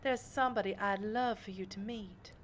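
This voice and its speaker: A poised, elegant vampire patroness with a Southern belle drawl, as a streamer puts her on. She speaks in a gracious, measured, instructive way, her voice sitting in a middling pitch range for a woman. A faint hiss of noise sits under the voice. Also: steady tone, natural voice. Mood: warm welcome. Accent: Southern US, put on.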